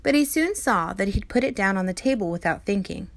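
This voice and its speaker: A woman reading a children's novel aloud in a clear, expressive storytelling manner. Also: medium pitch, brisk. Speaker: reader.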